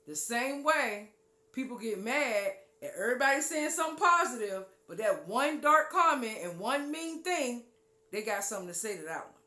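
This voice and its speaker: A woman hosting a spiritual talk show. She gives an animated teaching monologue, drops low and quiet on key points, and acts out listeners' voices. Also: normal speed, roomy sound.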